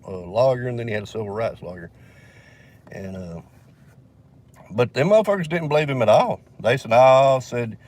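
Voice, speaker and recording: A man's voice: mid-range voice, gravelly, darkish tone. A man from Alabama with a Southern accent, telling a long story in a casual vlog, swearing heavily and rambling with fillers, recorded in a vehicle.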